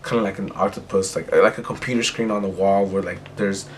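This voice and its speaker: A man's voice: deep voice, fairly even intonation, brisk, slight background noise. A young man giving a casual recap, rambling and full of fillers. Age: young adult. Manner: rambling, filler-heavy retelling. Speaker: recap vlogger.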